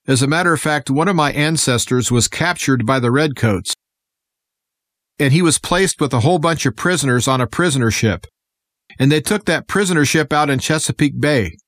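A man's voice: on the high side, fairly bright tone, no echo, studio quality. A man guest-presenting a radio segment, talking in an earnest, impassioned way as he addresses listeners. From United States. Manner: earnest, impassioned political speaking. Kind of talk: scripted radio monologue.

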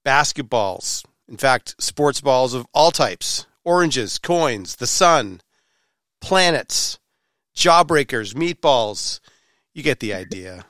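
A man's voice: mid-range voice, fairly bright tone, clear, resonant tone, no echo, clean studio sound. A man hosting a podcast interview, with a playful, showy way of building up his guest. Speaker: podcast host. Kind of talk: casual interview.

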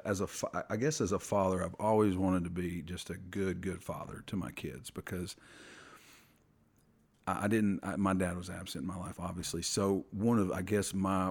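Deep-voiced man telling a halting faith story. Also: darkish tone. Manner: halting, restarts often, earnest. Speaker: podcast guest.

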